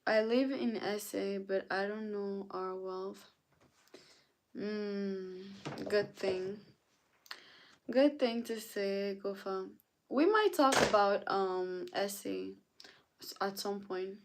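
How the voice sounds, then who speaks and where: A woman's voice: mid-range voice, slow pace, a little hiss or hum. A tired woman hosting a casual live stream, reading chat messages aloud and answering them. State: tired, yawning. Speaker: livestreamer.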